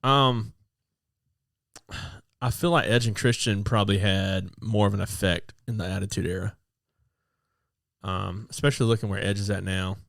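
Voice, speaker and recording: A young man co-hosting a podcast, relaxed in casual chat and introducing the next segment. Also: lowish voice, moderate pace, creaky, pauses often, no room sound, clean studio sound. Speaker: podcast co-host.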